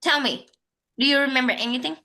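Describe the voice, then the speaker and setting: A woman with a Vietnamese accent tutoring English in an online one-on-one lesson, speaking slowly, repeating herself and correcting her own words. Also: sits high, bright, forceful tone, poor audio.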